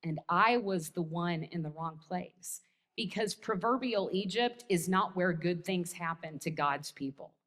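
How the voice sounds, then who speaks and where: A woman's voice: fairly low pitch, unhurried, fairly bright tone. A female pastor with an American accent, preaching a sermon and telling a story with wry, self-deprecating humor, in a church sanctuary. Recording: long hall reverb.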